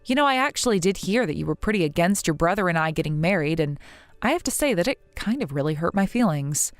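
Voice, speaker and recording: A woman's voice: on the low side, expressive, quick pace, dry recording, close to an everyday voice. A grieving young wife pleads earnestly, as a woman acts her out in a dramatized story. Her voice moves expressively through its range, recorded dry and close over faint background music. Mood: hurt.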